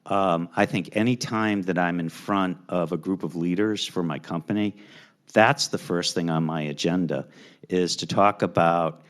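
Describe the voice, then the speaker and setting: Deep-voiced man on a finance panel. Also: steady tone, normal speed. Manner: casual, uses "you know" and restarts. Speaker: panelist, company CFO. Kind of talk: panel answer. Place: university event hall.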